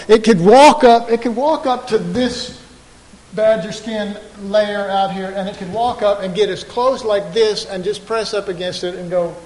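A man preaching a sermon, telling a story in an animated way and acting out the voices of the people in it. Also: high-pitched, measured pace. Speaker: pastor. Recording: long hall reverb.

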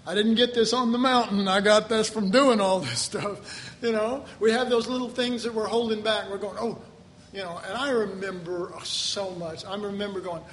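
A man preaching a sermon, animated, acting out quoted voices with sudden exclamations and chuckling often as he talks. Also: sits high, moderate pace, slight background noise. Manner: chuckles often while talking.

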